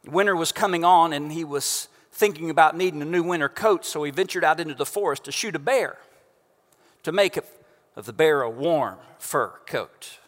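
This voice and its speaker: A pastor preaching a sermon from a church stage into a microphone, conversational and joking with the congregation. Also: male voice, a little high, moderate pace, fairly bright tone. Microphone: stage microphone through house speakers. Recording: long church reverb.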